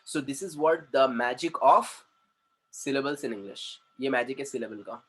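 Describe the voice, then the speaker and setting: A man with an Indian accent teaching an English lesson, who repeats words slowly and switches into Hindi to explain. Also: mid-range voice, fairly bright tone, husky, poor audio. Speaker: communication trainer.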